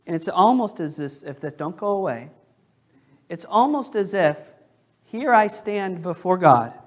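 A male pastor preaching a sermon in a church, questioning the congregation and slowing down to stress key phrases. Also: sits high, expressive. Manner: emphatic, slows down on key phrases. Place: church sanctuary.

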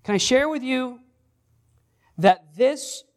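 A man preaching a sermon, animated and emphatic, repeating phrases and restarting words as he goes. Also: extremely high pitch, slow. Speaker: pastor.

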